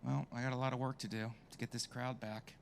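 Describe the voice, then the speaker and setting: A man's voice: medium pitch, flat delivery, fast, gravelly, a little hiss or hum. A man doing a stand-up comedy set on a club stage, brash and crowd-working, swearing freely into a handheld mic.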